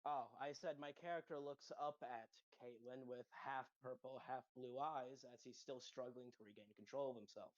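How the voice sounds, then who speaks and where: A man's voice: medium pitch, steady tone, moderate pace, few pauses, dry recording. A man playing in a tabletop game, describing his character's actions in a matter-of-fact way. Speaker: player. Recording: muffled lo-fi mic.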